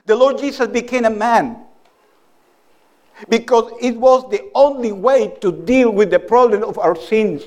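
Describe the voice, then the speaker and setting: A man's voice: extremely high pitch, measured pace. A middle-aged man preaching a sermon, teaching earnestly and plainly through everyday examples.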